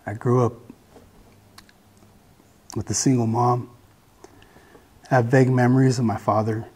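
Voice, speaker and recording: A man giving a personal faith testimony, earnest and halting, often restarting his sentences. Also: mid-range voice, flat delivery, darkish tone, husky.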